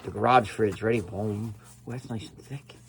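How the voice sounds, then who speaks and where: A man's voice: on the low side, normal speed, vocal fry. Tipsy man rambling through an unboxing. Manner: rambling, tipsy, loud swings between muttering and exclaiming. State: tipsy after drinks. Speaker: vlogger. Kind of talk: casual unboxing vlog.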